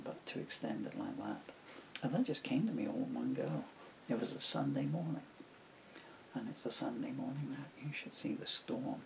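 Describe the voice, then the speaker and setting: A man's voice: mid-range voice, vocal fry, slight background noise, low-quality recording. An older man from England, reminiscing on camera at home in a meandering way, full of fillers and asides. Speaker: songwriter talking to camera. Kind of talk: rambling personal reminiscence. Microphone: camera mic.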